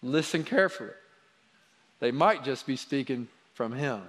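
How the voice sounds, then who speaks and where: A man preaching a sermon, telling stories about his children in a lively, animated way. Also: medium pitch, moderate pace. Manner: animated storytelling, quoting his kids. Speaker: pastor. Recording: long hall reverb.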